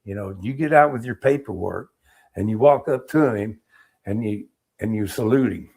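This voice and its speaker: A middle-aged man, an Army veteran, telling war-era stories in a casual interview, animated and acting out what people said. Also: on the low side, normal speed, husky. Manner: animated storyteller, acts out quotes, laughs.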